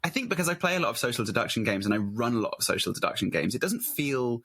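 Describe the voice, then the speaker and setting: Husky-voiced man in lively podcast chat. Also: medium pitch, rapid-fire. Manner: animated, jokey. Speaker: podcast co-host.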